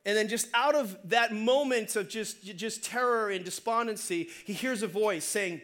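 A man preaching a sermon as pastor, conversational and energetic, calling out to the congregation. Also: high voice, moderate pace, few pauses. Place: church.

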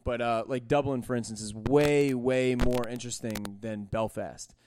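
A man's voice: medium pitch, moderate pace, background noise. A man hosting a podcast, ranting in casual chat with a lot of swearing. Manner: profane, animated ranting. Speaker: podcast host.

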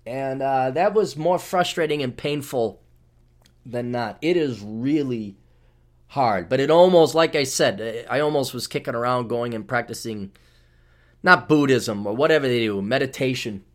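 Podcast host, man, 40s, mid-pitched, rambling and crude, big swings in volume. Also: moderate pace. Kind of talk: casual monologue.

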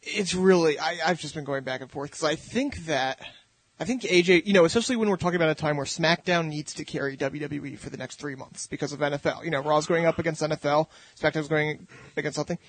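Male co-host, a bit high voice, dry sound, ponders his picks. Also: fast talker, no room sound. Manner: thinking aloud, hesitant restarts. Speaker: podcast co-host. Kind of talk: casual chat, wrestling predictions.

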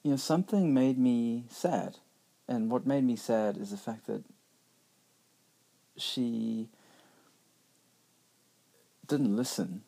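A man's voice: lowish voice, vocal fry, mellow, slightly rough. A middle-aged man hosting a podcast, talking candidly and reflectively in a conversational way with many restarts. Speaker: podcast host. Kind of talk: reflective personal monologue.

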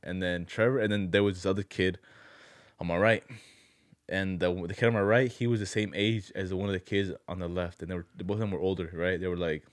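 A man's voice: low-pitched, steady tone, fast talker, no echo, studio quality. A young man telling a story in a loose, slangy way, often repeating words as he goes. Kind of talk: casual chat.

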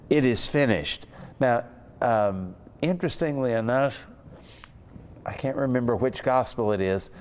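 A man preaching a sermon in an unhurried, conversational way. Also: mid-range voice. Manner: conversational, unhurried, with fillers and asides.

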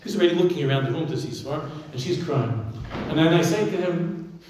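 A man, a rabbi, giving a sermon full of stories, swinging from loud emphasis to quiet asides. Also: a little high, lively intonation, a little fast, slight background noise. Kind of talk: sermon with storytelling. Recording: echoey hall, speaker far from mic.

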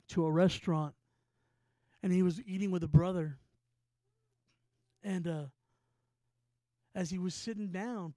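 A man from Texas preaching a sermon, telling a story with rising excitement and stammered repeats. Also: high-pitched, no room sound.

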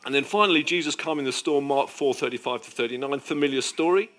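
A man preaching a sermon with emphatic delivery, swinging between loud declarations and hushed moments. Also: mid-range voice, fast.

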